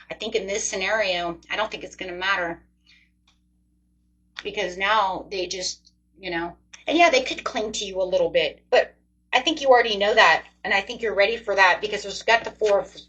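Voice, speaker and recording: A woman's voice: medium pitch, fairly bright tone, low-quality recording. Chatty emotive woman reading tarot. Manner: chatty and emotive, talks straight to the viewer. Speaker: tarot reader. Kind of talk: casual tarot reading monologue.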